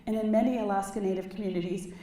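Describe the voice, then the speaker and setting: In a large conference hall, a woman delivers a keynote, telling a personal story with earnest passion that keeps rising. Her medium-pitched voice is warm and steady but rapid-fire, and the distant mic picks up hall echo and faint ambience.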